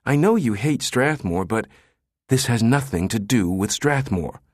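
A man's voice: mid-range voice, lively intonation, normal speed, no echo, studio quality, voice pushed up, close to an everyday voice. A man voicing a nervous, exasperated male office assistant who pleads in a flustered way.

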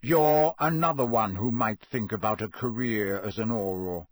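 A man's voice: fairly low pitch, no room sound, natural voice. A man growling as a grizzled old wizard. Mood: gruff. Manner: growling, slow and clipped. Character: gruff grizzled old male wizard auror. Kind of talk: audiobook character voice.

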